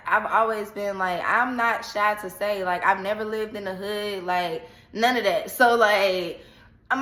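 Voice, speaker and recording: A woman vlogger casually retelling a personal story in an animated, slangy, dramatic way. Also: medium pitch. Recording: echoey room.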